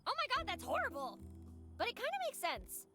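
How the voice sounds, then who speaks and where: A woman voicing a sarcastic, quick-witted game heroine who keeps arguing with a duck. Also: extremely high pitch, wildly swooping pitch, music in the background. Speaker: game protagonist. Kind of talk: voiced game dialogue.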